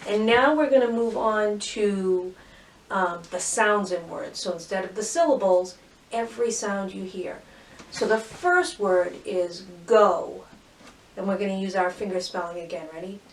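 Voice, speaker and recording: A woman teaching a phonics lesson to young children, cheerfully sounding out words and syllables slowly and clearly. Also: medium pitch, distant mic. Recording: roomy echo, voice from off mic.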